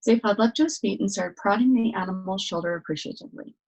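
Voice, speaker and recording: Woman reading a book aloud, gravelly voice, steady storyteller pace. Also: fairly low pitch, quick pace, hardly any pauses, poor audio. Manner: steady expressive narration.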